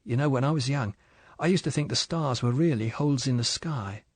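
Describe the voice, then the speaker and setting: A man voicing a timid, lonely young wife from England, speaking softly with a strained eagerness. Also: mid-range voice, brisk, dry recording, voice pushed up, close to an everyday voice. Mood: soft wistful.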